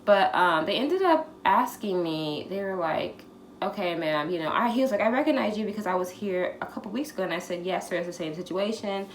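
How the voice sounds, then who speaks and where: A woman's voice: mid-range voice, a little fast. A woman in her twenties telling a personal story on her vlog, candid and profane, acting out what people said to her. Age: 20s. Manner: candid, profane, animated retelling with acted-out quotes. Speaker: vlogger. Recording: echoey room, faint background hiss.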